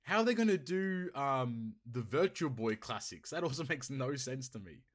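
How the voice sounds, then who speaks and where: A young man co-hosting a casual gaming podcast, swearing often and joking loudly. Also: medium pitch, animated, moderate pace, a crowd in the background. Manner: crude, joking, swears a lot. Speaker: podcast co-host.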